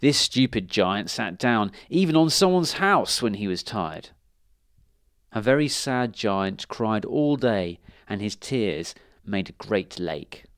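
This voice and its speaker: A man reading a children's storybook aloud in an expressive, animated way. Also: fairly low pitch, slow pace, smooth, no echo, clean studio sound. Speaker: reader.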